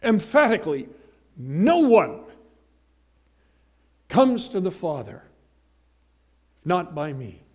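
A man preaching a sermon, emphatic, slowing and swelling on key phrases, with folksy asides and homely examples. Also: sits high, big pitch swings, slightly rough. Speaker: pastor.

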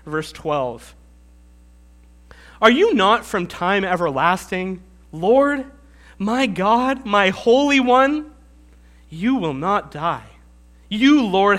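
A man's voice: high-pitched, fairly bright tone. A man pastor giving a conversational, teaching-style sermon.

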